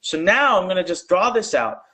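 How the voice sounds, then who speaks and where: High-voiced man pitching a live stream. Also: very animated, normal speed, bright, forceful tone. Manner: urgent and conversational, drives audience to type replies in chat; casual with fillers and slang. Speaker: online business coach.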